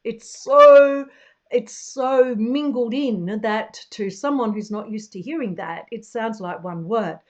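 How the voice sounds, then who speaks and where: A woman in her sixties, a travel vlogger chatting to camera in a chatty, animated way and laughing often. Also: a little high, takes it slowly. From Australia. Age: 60s. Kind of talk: casual chat to camera.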